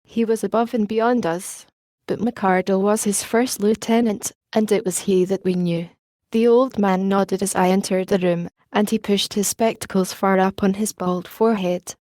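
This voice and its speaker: A woman narrating an audiobook in a warm, mellow voice. Her delivery is measured and even, recorded close and dry with no room sound. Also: medium pitch, dry recording.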